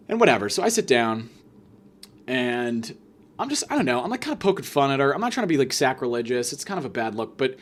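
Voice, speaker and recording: A young man telling a comedic story as a podcast host, animated, sarcastic and profane, with quick asides. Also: on the high side.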